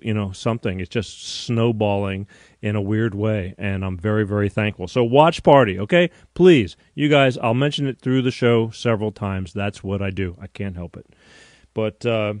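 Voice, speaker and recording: A middle-aged man hosting a live call-in show, telling rambling, animated stories full of fillers and restarts. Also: on the low side, moderate pace, dry recording, clean studio sound. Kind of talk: casual live-stream chat.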